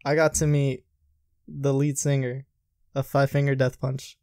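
A man's voice: mid-range voice, flat delivery, unhurried, darkish tone, no echo, clean studio sound. A man hosting a podcast, chatting casually and rambling with crude jokes. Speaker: podcast host. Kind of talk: casual chat.

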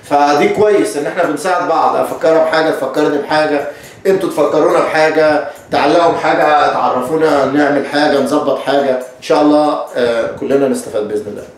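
A man with an Egyptian accent hosting a bilingual English lesson. He talks in an animated way and switches between Arabic and English. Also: fairly high pitch, rapid-fire, a little hiss or hum. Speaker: English teacher and host. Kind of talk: bilingual lesson with live chat. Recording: echoey room, distant mic.

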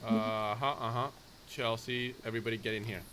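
A man hosting a game stream, bantering loudly with friends and greeting chat viewers. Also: on the low side, fairly quick. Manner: excitable, loud outbursts, greets chat viewers. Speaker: gaming streamer host. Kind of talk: excited gameplay banter. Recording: noisy game stream audio.

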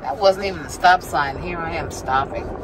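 A woman vlogger with a low voice chats to her viewers at a normal speed while driving, with noise in the background. Speaking from inside the car, she laughs often, talks to herself, and is sometimes out of breath.

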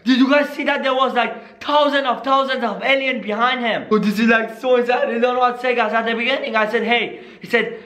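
A young man hosting a prank-call skit vlog, excitable and constantly saying "yo" and "guys". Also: very high voice, brisk, few pauses. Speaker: YouTuber.

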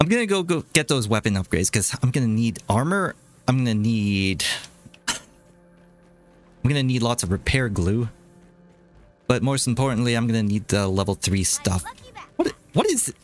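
A man giving let's play commentary on a survival game, swearing often and jumping to high shouts in frustration. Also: expressive, normal speed, long pauses. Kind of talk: gameplay commentary. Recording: faint game music behind voice.

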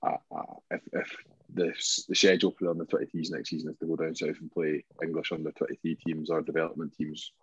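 A man's voice: a bass voice, flat delivery, fast, a bit bright, husky, no echo. A Scottish man co-hosting a football podcast in casual chat, thoughtful and hedging, often restarting his phrases. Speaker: podcast co-host. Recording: dull lo-fi podcast audio.

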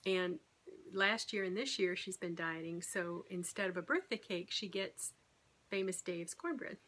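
A woman's voice: lowish voice, a little slow, fairly bright tone. A middle-aged woman talking candidly and rambling in a casual vlog about her weight-loss surgery. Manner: rambling, candid, self-deprecating.

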